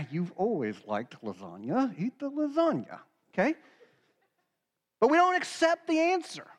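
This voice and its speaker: Pastor, man, sermon delivery, earnest, high voice, long hall reverb. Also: wildly swooping pitch, unhurried. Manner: earnest, acts out quoted dialogue.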